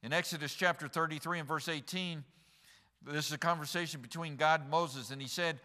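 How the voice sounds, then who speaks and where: A male pastor preaching in an animated way, climbing to loud emphatic peaks and tossing joking asides to the congregation. His voice is bright and forward. It rings out with a long reverb through a church sanctuary. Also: on the high side, fairly quick. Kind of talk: sermon.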